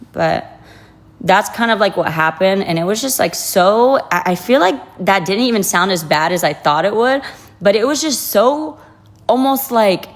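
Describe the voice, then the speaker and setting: A young woman tells a personal story in a loose, confessional way. Her speech is restless and emotional, packed with "like" and restarts. She sounds like a guest talking openly about something that shook her. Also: mid-range voice. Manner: heavy use of "like", emotional and restless. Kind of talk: casual confessional account.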